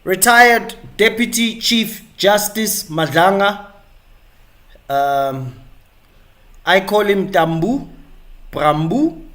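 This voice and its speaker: A man's voice: high voice, slow pace, pauses often, pushed and bright. A male live-stream host giving chatty, rambling commentary with many fillers and restarts.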